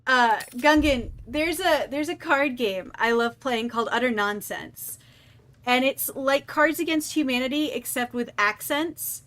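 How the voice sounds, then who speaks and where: A woman's voice: high voice, unhurried, a bit bright. A woman streamer chatting casually and rambling with jokes while playing a game. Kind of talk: casual gameplay commentary.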